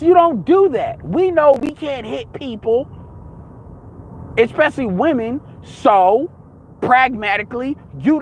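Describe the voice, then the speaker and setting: A man's voice: very high voice, a little hiss or hum, poor audio. A young man ranting in a casual, heated, rambling monologue, swearing often.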